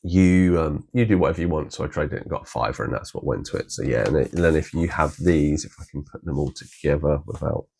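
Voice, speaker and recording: A man's voice: a bass voice, fast, vocal fry, few pauses, a little mellow, breathy edge. A man rambling casually with many restarts, showing off his collection in a vlog. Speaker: collector vlogger.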